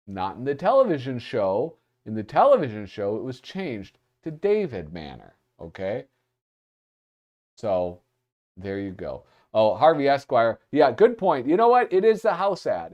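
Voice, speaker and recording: A livestream host with a mid-range, slightly mellow voice chats casually while flipping through art. He's easily distracted and reads comments from the chat aloud.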